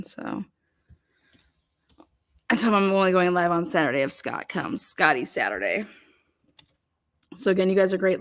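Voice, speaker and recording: A woman's voice: on the low side, a bit bright. A woman hosting a true crime live stream, chatting casually, laughing often and swearing loosely.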